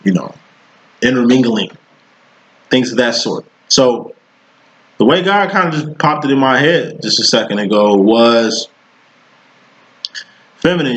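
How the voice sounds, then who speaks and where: A man's voice: mid-range voice, rough recording. A man giving a casual tarot reading, talking in a profane, slangy, rambling way. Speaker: tarot reader.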